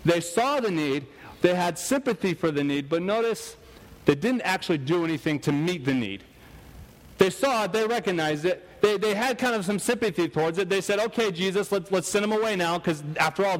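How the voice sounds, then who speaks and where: A man's voice: fairly high pitch, in a large hall, rough recording. A man preaching a sermon, telling stories with animation and acting out the voices of people he quotes. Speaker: pastor.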